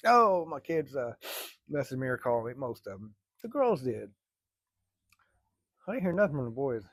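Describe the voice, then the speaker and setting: A man's voice: mid-range voice, sing-song, normal speed, pauses often, fairly bright tone, no echo, studio quality. A middle-aged man, casually telling a rambling, folksy story to his viewers from work. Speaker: vlogger. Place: workplace, early morning.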